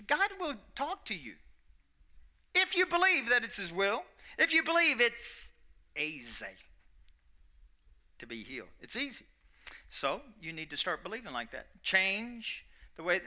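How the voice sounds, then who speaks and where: A man preaching a sermon with a Kentucky accent, folksy and animated, swinging between quiet asides and loud emphatic bursts. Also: on the high side.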